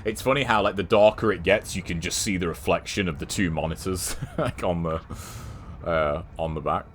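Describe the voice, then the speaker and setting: A young man with a deep, low voice talks loosely over his gameplay stream, wandering between topics and cursing at enemies. He sits at a home setup with two monitors, and a faint hiss sits under his voice. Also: moderate pace. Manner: rambling, chatty, swears at the game. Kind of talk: casual gameplay commentary.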